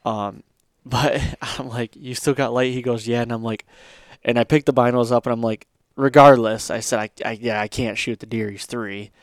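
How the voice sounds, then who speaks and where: A man's voice: mid-range voice, steady tone, moderate pace, few pauses, no room sound, clean studio sound. A man hosting a podcast, telling a long hunting story in a rambling, casual way with lots of fillers. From Michigan. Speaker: podcast host.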